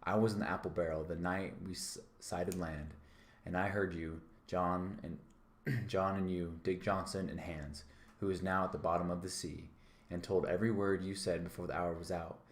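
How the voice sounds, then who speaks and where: A man voicing a defiant excited cabin boy. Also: deep voice, normal speed, lightly acted. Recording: echoey room.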